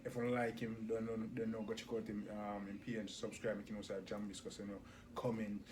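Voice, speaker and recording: A man's voice: on the low side, fast talker, noisy background. Hyped Jamaican man reacting to music. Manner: excited, loud bursts of hype, patois slang.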